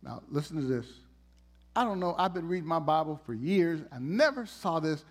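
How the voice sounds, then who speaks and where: High-voiced, animated preacher man. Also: normal speed. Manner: animated, swings from loud to hushed; conversational, teases the congregation. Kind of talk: sermon.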